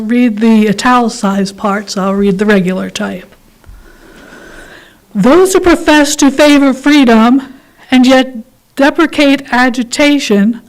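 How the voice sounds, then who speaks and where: A woman leading a church service, reading a passage aloud and then telling a children's story in a calm, measured way. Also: a little high, dry recording, poor audio. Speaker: worship leader.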